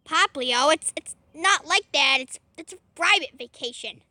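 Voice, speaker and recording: A woman's voice: high-pitched, lively intonation, moderate pace, sharp tone, dry recording, exaggerated voice. A woman voicing a weary, easily annoyed male ghost puppet who sighs and stammers in a homemade toy skit. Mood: exasperated. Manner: sighing, exasperated, stammering.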